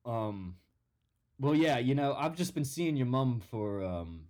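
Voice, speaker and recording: A man playing an awkward, sheepish stepdad with a put-on Australian twang, halting and full of ums. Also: mid-range voice, expressive, darkish tone, lightly acted.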